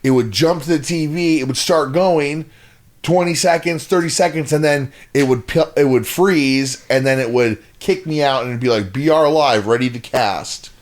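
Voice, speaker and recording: A man's voice: a little high, moderate pace. A man co-hosting a podcast, telling a long exasperated story in casual, profane chat with lots of rambling restarts. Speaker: podcast co-host.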